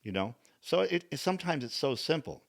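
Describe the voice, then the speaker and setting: A man's voice: a little high, sing-song, fairly quick, creaky. A man on a podcast talking in a folksy, preachy way, repeating his phrases. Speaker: podcast co-host. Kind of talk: casual chat.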